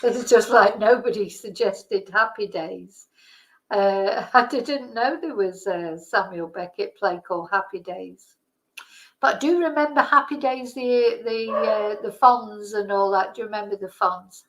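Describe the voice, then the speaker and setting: A woman's voice: medium pitch, unhurried, poor audio. A woman hosting a casual live-stream quiz, chatting, laughing and thinking aloud as she reads the questions. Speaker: host.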